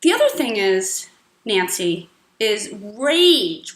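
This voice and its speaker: A woman hosts a casual advice vlog, answering questions in a playful, blunt and irreverent way. She speaks slowly, with a fairly high voice. The room is echoey, with faint music behind her. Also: lively intonation, a bit bright. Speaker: host.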